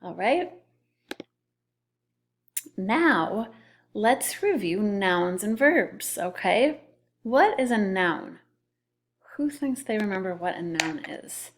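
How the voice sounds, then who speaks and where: A woman's voice: mid-range voice, big pitch swings, slow, pauses often, slight background noise. A woman teacher giving a recorded phonics lesson to second graders, patiently sounding out words letter by letter.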